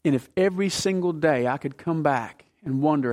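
A man's voice: fairly high pitch, moderate pace, few pauses, darkish tone. A man in his fifties, a pastor preaching a sermon, building from plain talk into fervent, emphatic questions.

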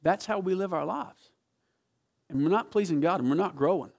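A man preaching a sermon as pastor, telling a story with passion, swinging from loud to hushed. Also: sits high, normal speed, creaky. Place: church sanctuary.

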